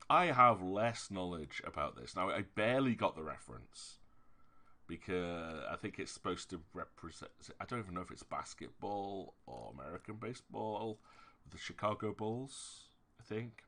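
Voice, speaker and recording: A low-pitched man with a Yorkshire accent talks casually to his stream audience. His voice is bright and forceful, with a tense edge. He wanders from point to point, stopping to correct himself and pressing hard on whatever annoys him. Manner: rambling, hesitant, corrects himself often. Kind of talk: casual chat while streaming a game.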